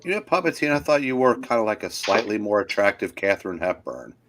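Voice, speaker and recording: A man's voice: fairly low pitch, very animated, fast, fairly bright tone, a little hiss or hum. A man co-hosting a casual podcast, making wry, teasing remarks.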